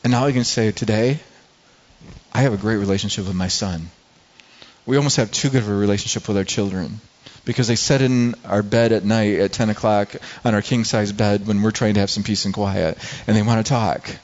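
A man's voice: on the low side, fairly even intonation, fairly quick, darkish tone. A middle-aged man preaching a sermon, telling personal stories earnestly with frequent restarts. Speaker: pastor. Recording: slightly dull lo-fi recording.

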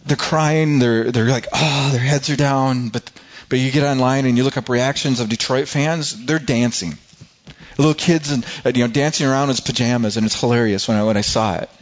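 A middle-aged man preaching a sermon as pastor, telling a story with frequent restarts and stretches of rising excitement. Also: mid-range voice, a little fast. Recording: slightly dull lo-fi sound.

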